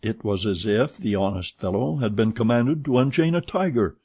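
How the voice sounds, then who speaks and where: Husky-voiced male audiobook narrator. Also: lowish voice, dry recording. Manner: steady, measured reading.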